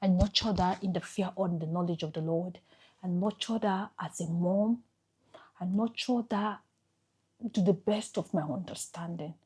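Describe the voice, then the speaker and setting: Her voice low-leaning and mellow with a breathy edge, this Nigerian vlogger recounts a personal, emotional experience on camera. She halts often and circles back over her own words.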